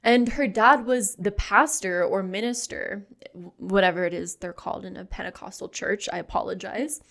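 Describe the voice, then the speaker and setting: A woman's voice: medium pitch, moderate pace, creaky, a bit bright. A woman co-hosting a podcast, reading notes and chatting casually, laughing often. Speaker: podcast co-host. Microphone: studio podcast mic.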